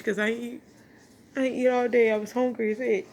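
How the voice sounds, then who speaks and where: A woman's voice: medium pitch, level tone, brisk, noisy background. A tearful woman, giving an emotional casual testimony into her phone at home, laughing and preaching as she talks. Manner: talks through tears, laughing and preaching at once. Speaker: vlogger sharing a testimony. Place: home at night.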